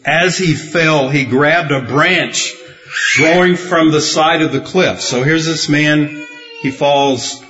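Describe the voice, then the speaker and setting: A man's voice: fairly high pitch, slow pace, a bit bright. A man preaching a sermon in a rambling, good-humored storytelling way, chuckling at his own jokes. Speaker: pastor. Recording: dull, muffled lo-fi sound.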